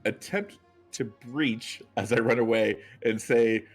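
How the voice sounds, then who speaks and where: A man's voice: medium pitch, takes it slowly, faint music behind. A man playing a tabletop game, giggly, self-mocking and rambling. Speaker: player.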